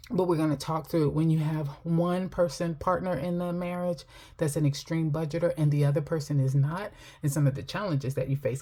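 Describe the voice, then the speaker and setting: Woman talking money on her vlog, low mellow voice, chatty, laughs a lot. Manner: chatty, storytelling, laughs often. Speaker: personal finance vlogger. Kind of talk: casual chat to camera.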